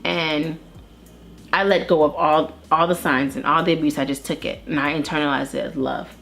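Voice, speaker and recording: A woman's voice: sits low, steady tone, normal speed, gravelly, a bit bright. A woman in her thirties, an interview guest earnestly telling her own story with many restarts. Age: 30s. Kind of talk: candid personal testimony.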